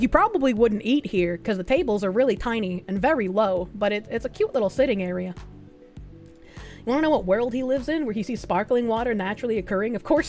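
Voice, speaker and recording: A woman streamer chatting casually to her viewers, rambling, swearing freely and reading chat aloud. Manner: squeals high when laughing. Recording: faint music behind.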